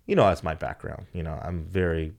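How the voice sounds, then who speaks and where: A man with a lowish voice talking in an easy, rambling way, filling gaps with "you know" and dropping plenty of swear words. He picks up energy and jumps higher whenever he retells what someone said. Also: a little fast, vocal fry. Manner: animated when retelling, voice jumps up for quoted lines. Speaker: drag racing team owner. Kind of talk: casual podcast chat.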